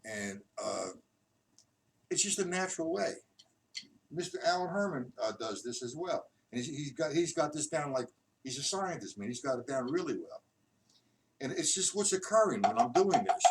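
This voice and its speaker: A drum instructor leads a live-streamed lesson, counting beats aloud in a loose, chatty manner. His voice is fairly high with big pitch swings, at normal speed. The mic is distant and background noise is loud.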